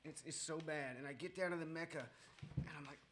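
A man with a fairly high voice and a bright, forceful tone tells his own story to a group. He rambles, trips over his fillers and makes fun of himself as he goes. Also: fairly quick, a little hiss or hum. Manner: rambling and self-mocking, with many fillers and chuckles. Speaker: speaker sharing his story at a recovery meeting.

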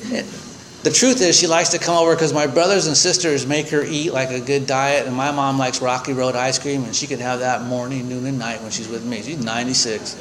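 A man in his sixties sharing a humorous personal story at a recovery meeting, animated and chuckling as he acts out his own reactions. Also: mid-range voice, brisk, slight background noise, low-quality recording.

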